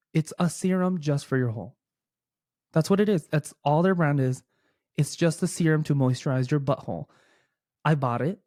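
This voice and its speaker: A young man hosting his own podcast from a room at home, talking casually at a desk microphone in a chatty, animated way, full of fillers. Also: a little high, no room sound, studio quality. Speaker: podcast host. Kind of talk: casual chat.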